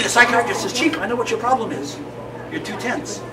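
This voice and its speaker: High-voiced man telling jokes, far from mic. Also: expressive, a little fast, crowd noise. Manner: loud, folksy, punchline-driven. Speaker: stand-up comedian. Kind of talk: stand-up joke telling. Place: banquet room during a lunch. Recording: distant mic with loud room noise and clinking dishes.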